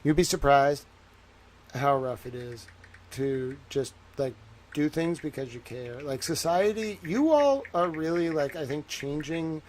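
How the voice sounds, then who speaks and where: A man chats through a casual livestream in a slightly high voice. He rambles upbeat to his viewers, half talking to himself as he types. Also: animated, a little slow, darkish tone. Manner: rambling, thinks aloud while typing. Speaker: livestream host.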